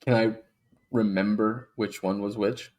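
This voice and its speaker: A man's voice: fairly low pitch, steady tone, measured pace, a little mellow. Hesitant male tabletop player. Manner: hesitant, thinking aloud with fillers. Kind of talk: playing a tabletop game.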